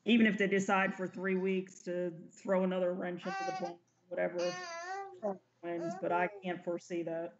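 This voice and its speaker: A woman's voice: on the low side, flat delivery, normal speed, noisy background. Woman, co-host, casual chat, easygoing, lo-fi sound. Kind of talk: casual chat about wrestling. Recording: dull lo-fi stream audio.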